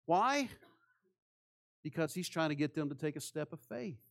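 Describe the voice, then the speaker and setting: A man preaching a sermon with passion, asking rhetorical questions and swinging between soft, hushed phrases and loud ones. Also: a little high, fast, vocal fry. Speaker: pastor.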